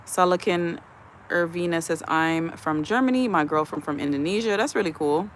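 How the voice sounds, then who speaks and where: The host, from the USA, is outdoors on a cool evening, chatting casually on a livestream and reading each viewer's comment aloud into a phone while standing behind its camera. A mid-range voice at normal speed comes through with slight background noise.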